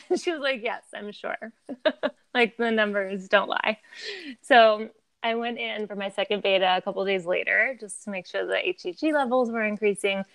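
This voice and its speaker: Chatty woman with a gravelly edge. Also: mid-range voice, moderate pace, a bit bright, no echo. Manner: chatty, heavy use of "like", laughs often. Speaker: podcast guest. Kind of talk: candid conversational storytelling.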